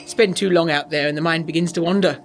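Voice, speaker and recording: A man's voice: fairly high pitch, steady tone, quick pace, soft background music, natural voice. A woman voicing a young RAF officer who talks in an offhand, dismissive and teasing way.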